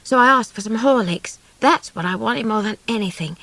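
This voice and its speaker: A woman narrating a novel as an audiobook in a lively storytelling manner. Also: fairly high pitch, moderate pace, no room sound.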